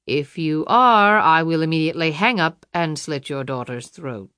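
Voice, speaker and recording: A woman reading an audiobook, voicing a male kidnapper villain who talks slowly and pleasantly with mocking menace. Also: low-pitched, bright, forceful tone, clear, resonant tone, no room sound. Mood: menacing. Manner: pleasant, slow, taunting menace.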